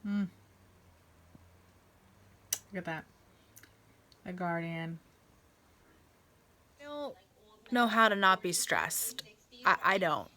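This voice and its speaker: A woman's voice: lowish voice, lively intonation, slow pace, pauses often, pushed and bright. A woman vlogging in casual chat, rambling with restarts and repeating herself as she talks about feeling stressed. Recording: noisy background with car sounds.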